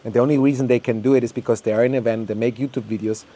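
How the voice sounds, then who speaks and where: Warm-voiced man on a heated rant. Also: medium pitch, steady tone, racing. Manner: heated, ranting, swears, repeats words, mocks others in quoted voices. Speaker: podcast host. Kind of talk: opinionated monologue.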